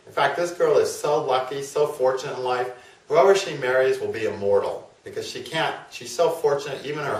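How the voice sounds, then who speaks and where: Chatty male astrologer in an echoey room. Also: mid-range voice. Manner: chatty, with fillers and tag questions. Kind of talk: casual storytelling lecture. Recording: roomy, from a distance.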